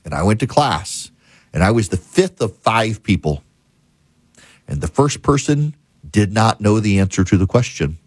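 A man's voice: fairly low pitch, expressive, normal speed, breathy edge, dry recording. A middle-aged man hosting a talk radio show, telling stories emphatically and building to a punchline.

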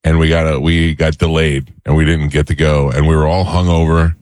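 Deep-voiced middle-aged talk radio host. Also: male voice, level tone, a little fast, darkish tone, no room sound. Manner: rambling comic storytelling. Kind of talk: casual talk radio banter.

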